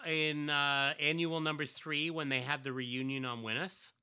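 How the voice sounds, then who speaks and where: A man co-hosts a podcast about comics, chatting casually and adding dry, wry asides. His voice is fairly high with fairly even intonation and a normal pace, and it sounds pushed and bright, clear and resonant.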